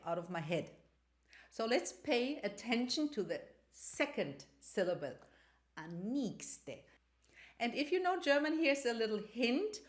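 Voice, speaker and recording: Slow, lively-voiced woman teaching. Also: on the high side. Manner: slow, careful explaining with repeated example sentences. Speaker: Greek teacher. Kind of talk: language lesson.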